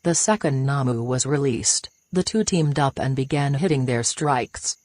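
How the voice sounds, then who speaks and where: Steady storybook narrator, dry sound. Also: mid-range voice, a little slow, dry recording. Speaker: fan fiction narrator.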